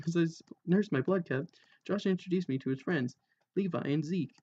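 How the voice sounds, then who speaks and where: Male reader, slightly high voice, dry and amused, lo-fi home recording. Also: normal speed, warm tone, slight background noise. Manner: dry, amused, breaks into laughter at jokes. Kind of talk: reading a parody book aloud with asides.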